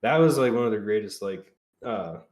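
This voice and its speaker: A man's voice: lowish voice, animated, normal speed, darkish tone. A man in a casual podcast chat, talking in a rambling way with many fillers. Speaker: podcast co-host.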